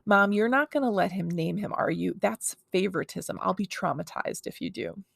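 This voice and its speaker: A sulky older boy grumbles sarcastically, as a woman reading aloud puts him on. The voice sits near her own with a slight gravelly edge, and the sound is dry. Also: medium pitch, moderate pace, a bit bright, no room sound, full character voice.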